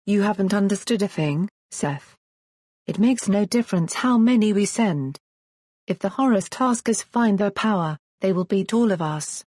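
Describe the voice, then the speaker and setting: A woman voicing a calm, sinister male sorcerer of darkness in an audiobook story. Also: mid-range voice, breathy edge, no echo, studio quality, lightly acted. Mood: lecturing. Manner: calm, slow, menacing.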